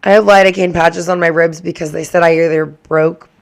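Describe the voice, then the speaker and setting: A woman's voice: lowish voice, fairly even intonation, brisk. A woman hosting her own reaction channel, chatting casually to the camera in a rambling way that keeps drifting into tangents.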